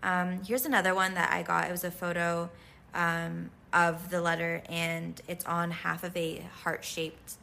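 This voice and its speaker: A woman's voice: lowish voice, little pitch movement, unhurried, vocal fry, bright, forceful tone, slight background noise. A woman hosting a casual chat as she introduces love letters sent in by viewers, talking loosely with lots of fillers. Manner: chatty, loose, full of "like" and "um". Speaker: host reading out fan love letters.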